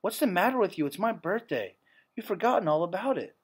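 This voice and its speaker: A man reading aloud, voicing a hurt young girl who shouts at her best friend. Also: high voice, very animated, moderate pace, voice pushed up. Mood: angry. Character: upset young girl, birthday child.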